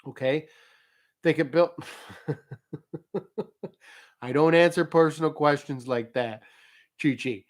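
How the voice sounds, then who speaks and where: A man's voice: fairly high pitch, takes it slowly, pauses often. A man talking casually as host, telling a story and giving motivational advice, laughing as he goes. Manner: animated, laughs while telling stories.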